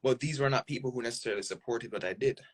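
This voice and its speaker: A man with a Jamaican accent speaks as a podcast guest. His voice sits at an ordinary middle pitch, and he tells stories animatedly, pushing hard on key words and checking in with "right?" as he goes. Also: rapid-fire, slightly rough. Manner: animated, emphatic storytelling with frequent "right?" tags. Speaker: guest content creator. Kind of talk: casual interview talk.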